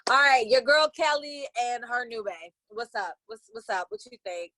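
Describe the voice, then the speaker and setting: Slangy, animated woman podcast host. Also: on the high side, normal speed, dry recording. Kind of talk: casual chat.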